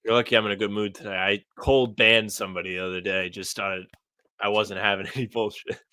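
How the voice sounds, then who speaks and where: A young man co-hosting a casual sports podcast, joking and animated in banter. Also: fairly low pitch, fairly quick, clean tone, dry recording. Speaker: podcast co-host.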